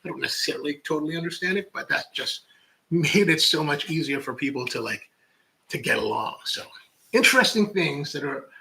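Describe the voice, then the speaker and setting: Middle-aged man, livestream host, casual rambling chat, gravelly edge, bright forceful tone. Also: a little high, animated, brisk, rough recording. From United States. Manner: rambling, reflective, many restarts and asides.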